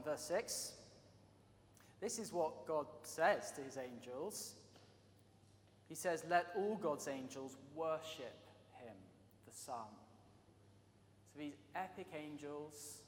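A man preaching a sermon, his fairly high voice pressing hard on key words, then dropping to quiet asides. He is recorded in a roomy church hall. His voice rings out with a long reverb tail, and faint room noise sits underneath. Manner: emphatic, varied delivery with rising and dropping volume.

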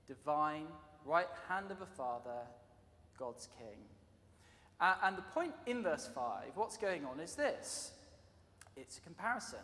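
A man preaching a sermon, emphatic, swinging between loud stresses and quiet asides. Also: sits high. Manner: emphatic, varied delivery with rising and dropping volume. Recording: echoey hall with long reverb.

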